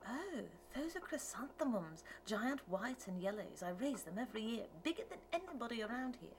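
A guarded country woman who tends her flower garden, as a woman reads her in a storybook. She speaks in crisp, short replies, pitched above the narration. A faint hiss sits under the voice. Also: big pitch swings, moderate pace. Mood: eager. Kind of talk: audiobook character reading.

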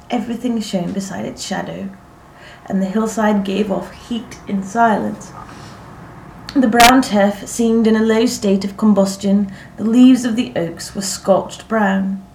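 A woman narrating a literary story in a measured, vivid descriptive reading. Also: medium pitch, gravelly, darkish tone, slight background noise. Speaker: audiobook narrator. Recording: roomy echo, faint ambience.

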